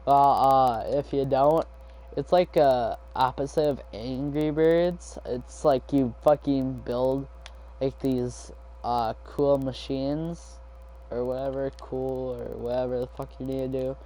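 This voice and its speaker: A man's voice: mid-range voice, fairly even intonation, slow pace, warm tone. A young man telling a school story in a casual vlog, rambling with lots of swearing and fillers.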